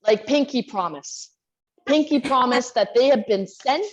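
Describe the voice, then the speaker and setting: A woman's voice: a little high, animated, a little slow, dull audio. A woman instructor running a live online exercise class, chatting about her week while calling out moves and breathing cues. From Canada. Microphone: video call.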